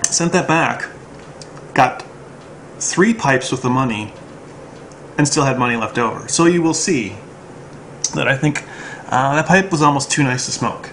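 A man's voice: mid-range voice, expressive, a little slow, long pauses, a bit bright, a little hiss or hum. A man talking casually and hesitantly about his pipes, with many ums and uhs. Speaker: pipe smoking vlogger. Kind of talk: casual show and tell.

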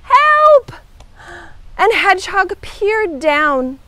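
A woman librarian doing a children's storytime reading, animated and expressive. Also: high voice, slow pace, dry recording. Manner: animated, expressive read-aloud.

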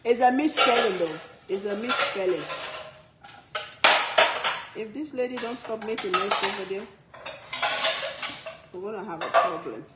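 A woman's voice: medium pitch, expressive, measured pace, long pauses, echoey room, very noisy. A woman hosting a cooking livestream, chatting playfully with viewers and laughing often. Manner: playful, laughs a lot, reads comments aloud. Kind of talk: casual live-stream chat.

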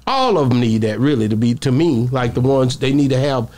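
A man asking questions in a relaxed interview, his voice at an ordinary middle pitch. He rambles, restarts his sentences and slips into giving advice. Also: fairly quick. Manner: rambling, with many restarts, advising. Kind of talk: casual interview chat.

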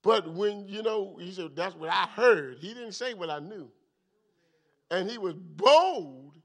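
A high-pitched male pastor preaches, unhurried, at a midweek Bible study. He is animated, leaping from loud hallelujahs to quiet, low asides.

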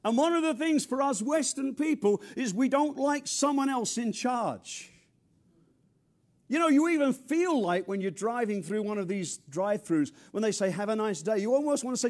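An older man with an English accent, from near London, delivers a sermon in a high, lively voice. He preaches with humor and bursts of loud emphasis, then drops into low, quiet asides. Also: moderate pace. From England. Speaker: pastor.

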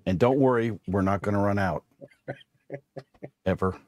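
A man's voice: lowish voice, fairly quick, darkish tone, slight background noise. An older man co-hosting a talk show, joking and teasing while reading out viewer messages. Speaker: co-host. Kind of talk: casual show chat.

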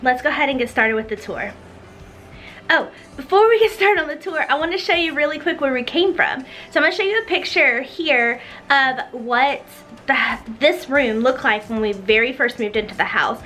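Mom doing a home tour vlog, kinda high voice, chatty, bit out of breath, faint music behind. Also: female voice, animated, normal speed, pushed and bright. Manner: chatty and upbeat, with frequent fillers. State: a little out of breath. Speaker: homeschooling mom vlogger.

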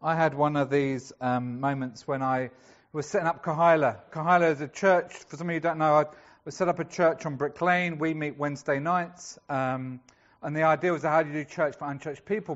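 A man's voice: a little high, steady tone, a little fast, a bit bright, lo-fi sound. A male pastor preaching a sermon in a chatty storytelling way, acting out the voices of the people in the story.

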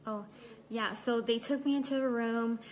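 A woman's voice: a little high, steady tone, moderate pace. A young woman chatting casually on a home livestream, telling a personal story and stopping to greet and thank viewers. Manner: chatty, reads viewer comments aloud. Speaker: livestream host. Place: at home indoors.

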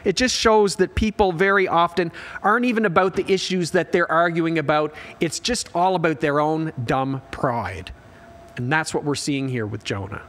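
A man's voice: on the high side, moderate pace, fairly bright tone. A middle-aged pastor preaching with a slightly raised, light voice. He talks earnestly and directly, leaning on "guys" as he presses his point home. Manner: earnest and direct, often addressing listeners as "guys". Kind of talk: midweek sermon.

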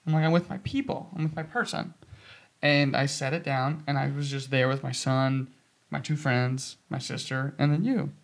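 A man's voice: mid-range voice, steady tone, moderate pace, vocal fry. A man in his twenties co-hosting a podcast, telling stories in casual chat and acting out quoted dialogue. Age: 20s. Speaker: podcast co-host.

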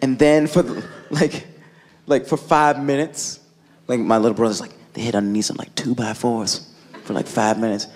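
A man telling a story on stage as a stand-up comedian, animated and full of "like", laughing through his lines. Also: medium pitch, moderate pace. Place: comedy stage before a live audience. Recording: live audience crowd noise. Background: audience laughter.

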